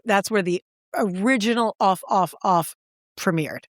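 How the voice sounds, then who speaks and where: A woman co-hosting a podcast, chatting and telling stories with animated impressions. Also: medium pitch, unhurried, no room sound, studio quality. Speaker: podcast co-host. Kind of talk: casual chat.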